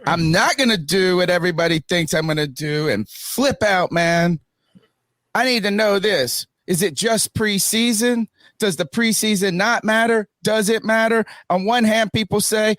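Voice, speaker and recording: A man hosting a sports podcast in casual chat, animated and emphatic, poking fun at himself. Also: sits high, moderate pace, no room sound, clean studio sound. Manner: animated, emphatic, self-mocking. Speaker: podcast host. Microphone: video call webcam setup.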